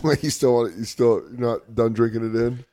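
A man's voice: medium pitch, steady tone, moderate pace, dark tone, no echo. A man co-hosting a comedy podcast, joking and mocking with frequent laughter. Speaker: podcast co-host. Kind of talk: comedic banter.

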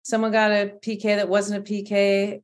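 A woman's voice: mid-range voice, monotone, normal speed. A woman in her fifties, a former player, talking as a guest in casual chat and eagerly recalling what she thought.

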